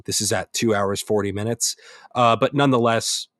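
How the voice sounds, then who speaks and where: A young adult man co-hosts a casual film podcast, rambling through reviews, correcting himself, and laughing easily. His voice is on the low side, steady, and a bit bright at a moderate pace, captured as a dry, clean studio recording.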